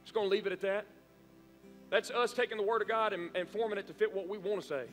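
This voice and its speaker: A man's voice: high voice, steady tone, quick pace, a bit bright, long reverb tail, soft background music. A male pastor preaching a sermon, emphatic and repeating phrases for emphasis. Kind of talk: live-streamed sermon. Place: church sanctuary.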